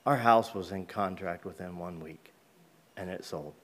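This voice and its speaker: Low-voiced man giving church testimony. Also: measured pace, slight background noise. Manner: conversational storyteller, plain colloquial grammar. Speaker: guest speaker. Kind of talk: personal testimony in a church service. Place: church sanctuary.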